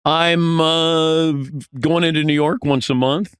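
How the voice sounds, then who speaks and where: A man's voice: fairly high pitch, fairly even intonation, takes it slowly, a bit bright, smooth, dry recording. Older man telling stories, dry mic. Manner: storytelling, acts out quoted voices, self-deprecating. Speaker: sports broadcaster guest. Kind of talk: casual podcast interview.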